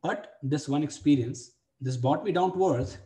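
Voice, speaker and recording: A man's voice: fairly high pitch, normal speed, mellow. A young man, telling a blunt, profane personal story as a dating coach and repeating phrases for emphasis. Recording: echoey room.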